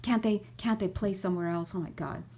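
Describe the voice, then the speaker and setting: A woman playing a bitter, grumpy old neighbor who yells at kids and grumbles. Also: medium pitch, fairly quick, slightly rough. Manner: snapping, grumbling, raised voice.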